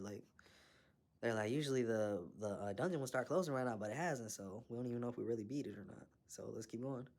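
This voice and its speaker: A man's voice: on the low side, quick pace, a little mellow. A man recapping an anime episode in a casual, slangy, profane way, laughing and acting out the characters as he goes. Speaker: anime reviewer.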